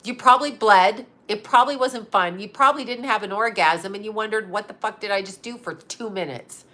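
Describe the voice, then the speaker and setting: A woman's voice: medium pitch, brisk, bright, forceful tone. A middle-aged woman host in a candid casual chat, frank and bawdy, laughing often as she tells stories. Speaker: psychic medium and channel host.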